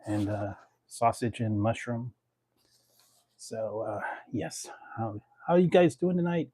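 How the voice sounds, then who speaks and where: A man's voice: medium pitch, expressive, slow pace, warm tone, breathy edge, no room sound, studio quality. A man chatting casually to his viewers as a food review vlogger, rambling with lots of fillers and laughing often between phrases. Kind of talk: casual chat to camera.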